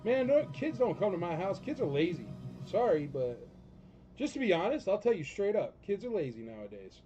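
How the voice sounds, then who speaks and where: A man's voice: high voice, very animated, moderate pace. A man hosting a live auction stream, rambling and joking with viewers between lots. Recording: dull lo-fi stream audio with loud music behind. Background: music.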